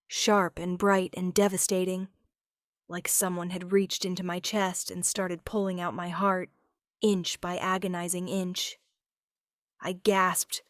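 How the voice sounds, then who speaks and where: Woman audiobook narrator, measured and dramatic, slow, dry close sound. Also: on the low side, clear, resonant tone, no room sound. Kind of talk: first-person romance audiobook narration.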